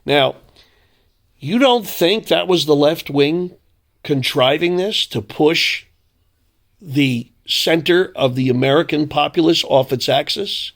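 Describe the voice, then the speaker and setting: Male commentator, gravelly and mocking, ranting solo. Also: on the high side, slow, a bit bright. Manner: angry, sarcastic, mocking.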